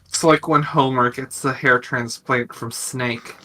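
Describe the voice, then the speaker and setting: Bright-voiced joking man. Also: mid-range voice, fairly even intonation, measured pace, recorded from a distance, low-quality recording. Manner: playful, spins silly what-if ideas. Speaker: tabletop player. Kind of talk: casual game-table chat.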